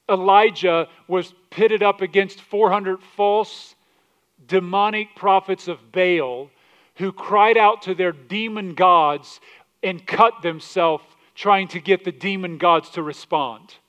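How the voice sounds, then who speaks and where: A man's voice: high-pitched, fairly bright tone, smooth, muffled recording. A male pastor preaching a sermon, reading scripture aloud in old English and putting direct questions to his congregation.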